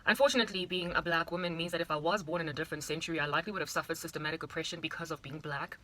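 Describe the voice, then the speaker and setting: A woman's voice: low-pitched, steady tone, very fast, a bit bright. A South African woman in her thirties, rambling playfully through a casual monologue with exaggerated asides. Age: 30s. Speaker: vlogger.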